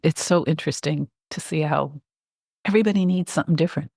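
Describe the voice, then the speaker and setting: A woman's voice: sits low, fast, vocal fry, darkish tone, husky, no room sound, studio quality. Enthusiastic middle-aged female life coach. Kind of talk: casual interview chat.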